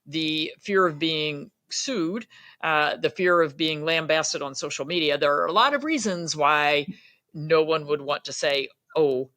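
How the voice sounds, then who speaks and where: Woman host, middle-aged vet; steady, measured delivery, deep for a woman. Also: no room sound. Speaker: podcast host and veterinarian. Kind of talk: conversational podcast interview.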